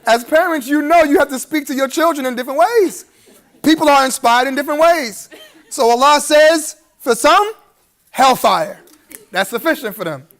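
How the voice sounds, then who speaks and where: Keynote speaker at a gala: a man with a strikingly high voice, preacherly delivery with humorous chuckling asides. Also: expressive, moderate pace, fairly bright tone. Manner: emphatic rising appeals to the audience. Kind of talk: live keynote speech at a gala dinner.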